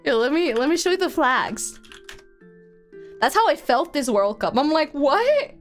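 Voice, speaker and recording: A young woman from Colombia, chatting excitably on a livestream, laughing often and swearing freely. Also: sits high, moderate pace, faint music behind. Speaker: streamer. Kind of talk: casual livestream chat.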